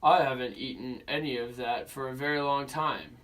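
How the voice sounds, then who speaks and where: A man's voice: medium pitch, moderate pace, fairly bright tone, far from the mic, natural voice. A kindly polite dinosaur, read by a young man. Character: friendly gentle old male dinosaur.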